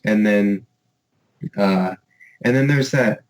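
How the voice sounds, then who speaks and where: A man's voice: fairly low pitch, takes it slowly, poor audio. A man co-hosting a casual podcast, recounting things in a rambling way full of fillers. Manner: rambling, many fillers like "like" and "you know". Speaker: podcast co-host. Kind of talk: casual chat.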